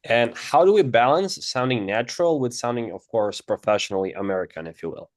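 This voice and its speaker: A man's voice: mid-range voice, expressive, fairly quick, no echo, studio quality. A man interviewing a guest, asking short, open questions.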